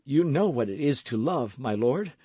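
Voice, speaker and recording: A man reading an audiobook, voicing a jealous, impulsive young male swordsman with excited, pleading exclamations. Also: medium pitch, moderate pace, husky, dry recording, pitched above the performer's own voice. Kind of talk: audiobook character voice.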